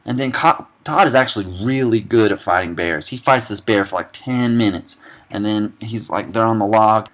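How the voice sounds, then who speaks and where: Quoting bits of the characters' lines and making fast asides, a young man gives a sarcastic, deadpan recap of a movie. His voice sits lowish.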